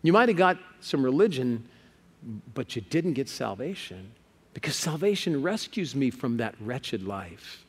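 A man preaching a sermon, lively and conversational, stammering on words and putting questions to the congregation. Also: mid-range voice, measured pace, slightly rough. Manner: lively, repeats words when stuck, asks the crowd questions.

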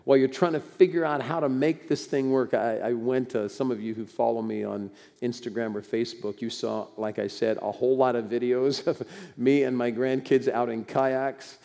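A man's voice: mid-range voice, fairly even intonation, normal speed, creaky, mellow. An older man preaching a sermon in a conversational, folksy way with bursts of emphasis. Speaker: pastor. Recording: long hall reverb.

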